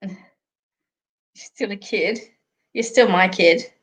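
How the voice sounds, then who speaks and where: A woman's voice: mid-range voice, slow pace. A middle-aged Australian woman hosting a live stream, chatting casually with viewers in a rambling way and laughing often. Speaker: host.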